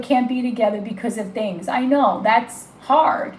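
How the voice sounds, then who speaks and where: A woman's voice: on the high side, a little slow, hardly any pauses, roomy sound, slight background noise, poor audio. A woman giving a live tarot reading, gushing and emotional as she talks straight to the viewer. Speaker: tarot reader.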